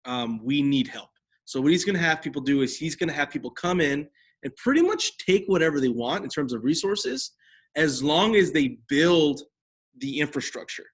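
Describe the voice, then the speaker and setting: A man's voice: a little high, animated, normal speed, slightly rough. A young man from the United States, a history teacher giving a casual, chatty recorded lecture over slides and talking straight to his class. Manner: casual, chatty, addresses class directly, many fillers.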